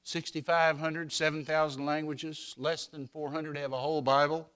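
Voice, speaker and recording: Folksy older man preaching, bright voice. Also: fairly high pitch, flat delivery, moderate pace, smooth. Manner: folksy storytelling, swells loud on scripture quotes. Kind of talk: sermon.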